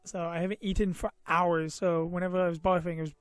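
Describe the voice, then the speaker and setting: A man talks quickly in a high voice with little pitch variation, with no echo in the recording. On his vlog he meanders through a personal story, tired and slightly loopy, full of fillers like "you know" and "uh" and self-mockery, with faint background music.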